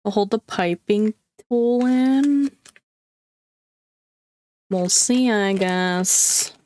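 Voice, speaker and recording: A woman with a mid-range, somewhat dark voice speaks extremely slowly while chatting casually in her crafting vlog. She talks to viewers with dramatic, squeamish groans, pokes fun at herself, and laughs often.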